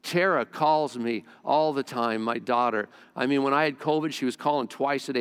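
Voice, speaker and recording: A man's voice: a little high, measured pace, few pauses, clear, resonant tone, long reverb tail. An older man preaching a sermon in church, telling personal stories earnestly and repeating words for emphasis. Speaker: pastor. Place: church sanctuary.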